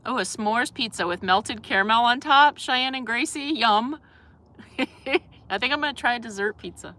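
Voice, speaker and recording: A woman's voice: on the high side, a little slow, sharp tone. A young adult woman hosting a casual live stream, chatting in a rambling way with lots of fillers and reading out viewer comments.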